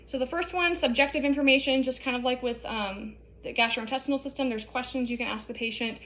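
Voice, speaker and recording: A young woman with a slightly high voice teaches a nursing assessment as she demonstrates on a partner. She talks in a casual, explanatory way, full of fillers and quick restarts. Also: steady tone, a bit bright. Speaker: nursing instructor. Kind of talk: demonstration lesson.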